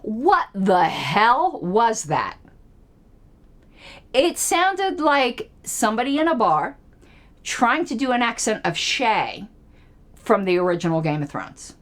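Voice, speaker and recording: A woman's voice: a little high, expressive, measured pace, fairly bright tone. A woman hosting her own channel, rambling through a casual discussion of a TV episode, laughing often and thinking aloud as she tries to recall names. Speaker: political commentary channel host.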